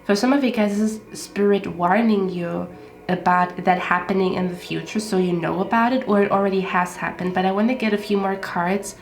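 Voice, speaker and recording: A woman's voice: medium pitch, fairly even intonation, a little fast, echoey room. A woman with a congested, stuffy voice from a cold, giving a chatty pick-a-card tarot reading with many fillers. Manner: chatty, with frequent fillers and soft asides.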